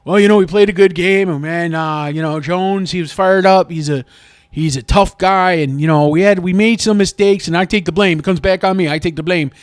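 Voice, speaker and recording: A man doing a mocking impression of a bland football coach at a press conference, speaking in louder, canned upbeat clichés. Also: sits high, a little fast, smooth, dry recording, clean studio sound, natural voice. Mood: glib.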